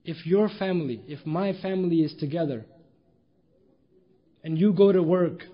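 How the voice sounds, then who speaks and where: A man's voice: a little high, normal speed. A man preaching a sermon with emphatic rhetorical questions and storytelling. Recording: dull lo-fi recording.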